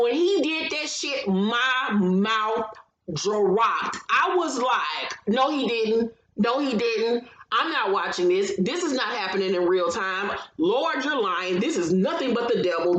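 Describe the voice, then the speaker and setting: A woman recapping a reality TV episode in casual chat, telling it with animated, profane storytelling and acting out what people said. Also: mid-range voice, dull audio. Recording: roomy echo, faint background noise.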